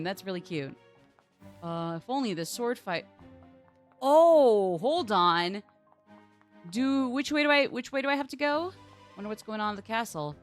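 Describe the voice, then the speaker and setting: A woman's voice: mid-range voice, fairly bright tone. A woman streamer giving casual, rambling gameplay commentary, full of "like" and playful swearing.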